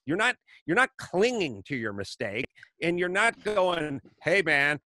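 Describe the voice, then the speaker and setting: This middle-aged podcast host has a voice that sits high and a measured pace. Animated and casual, he spins funny anecdotes and performs the voices of the characters in them.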